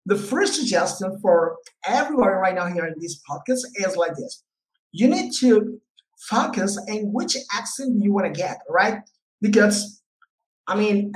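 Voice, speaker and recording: A man's voice: sits high, normal speed. A man who speaks English with a Spanish accent and Spanish as his first language, a teacher chatting as a podcast guest with lots of fillers and "right?" tags. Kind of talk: casual podcast interview. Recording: echoey room with faint noise.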